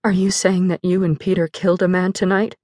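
A woman's voice: lowish voice, flat delivery, brisk, warm tone, no echo, close to an everyday voice. A middle-aged farm mother, alarmed and demanding, presses for answers, as a woman narrator voices her. Close, dry audiobook sound.

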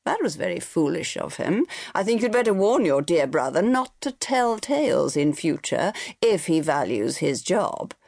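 A woman doing a soft-spoken teasing young gentleman. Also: on the low side, very animated, moderate pace, vocal fry, hardly any pauses, slightly rough, no echo, studio quality, full character voice. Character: charming, teasing young gentleman landowner's son.

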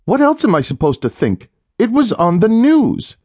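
A man voicing an anxious young woman watching TV news, speaking higher and with rising alarm. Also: very animated, normal speed, no room sound, studio quality.

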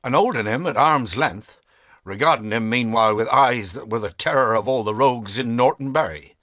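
The narrator, a man with a mid-range voice, performs an unabridged classic novel as a scripted audiobook, paced and expressive. The studio sound is close and dry, without any room tone.

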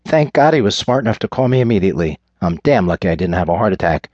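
A man's voice: sits low, expressive, quick pace, a little mellow, no room sound. A man voicing a furious wealthy father who blusters and swears at his daughter. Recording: dull lo-fi recording.

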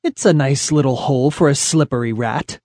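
A man voicing a rough, coarse-spoken male thug leader in an audiobook, giving orders to his gang. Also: mid-range voice, moderate pace, a little mellow, no echo, studio quality, lightly acted. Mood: taunting.

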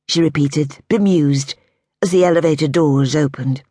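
A woman reading a novel aloud on a close studio mic, her voice slightly low-pitched and a touch husky. She tells the story in a measured, expressive way, and the booth sounds dry and close. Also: no echo. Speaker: audiobook narrator. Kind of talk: scripted audiobook narration.

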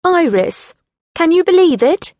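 A woman voicing a dramatic, self-centred mother who speaks high and emphatically. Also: very animated, measured pace, a little mellow, no room sound, studio quality, heavily acted. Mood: theatrical.

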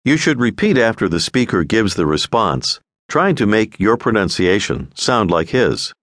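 Measured male language-course narrator. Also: fairly low pitch, big pitch swings, fairly bright tone, no room sound, studio quality. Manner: clear, measured instructional delivery. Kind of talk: scripted audio lesson instruction.

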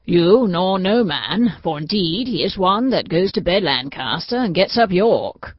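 A woman's voice: on the low side, animated, a little slow, no room sound. A woman voicing a blunt, complaining peasant man in an audiobook. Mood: mocking. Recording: dull, dry audiobook recording.

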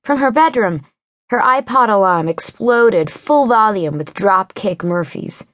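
A woman narrating a thriller audiobook in a measured, unhurried way. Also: medium pitch, dry recording, clean studio sound. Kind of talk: scripted narration.

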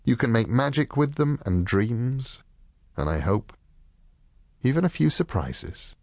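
A man, the author, reading his own audiobook in a measured, wry storytelling manner. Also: medium pitch, very animated, a little mellow, no room sound, studio quality. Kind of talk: audiobook narration.

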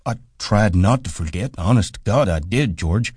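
A man voicing a big, slow, childlike man who talks timidly and pleads in simple words, in an audiobook. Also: fairly low pitch, expressive, a little mellow, husky, dry recording, studio quality, pitched above the performer's own voice. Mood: pleading. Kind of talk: audiobook character voice.

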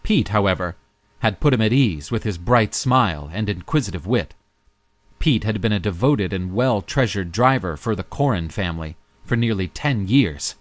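A man narrating an audiobook with a low, steady voice. He reads in a measured, even storytelling manner, and the sound is close and dry with no room around it. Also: no echo. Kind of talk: scripted narration.

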